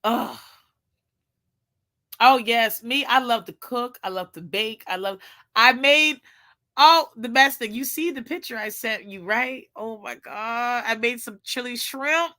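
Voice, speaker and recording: Bright, gushing woman chatting casually. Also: on the high side, unhurried. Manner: animated and expressive, gushing, exclamations; informal slangy speech. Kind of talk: casual chat.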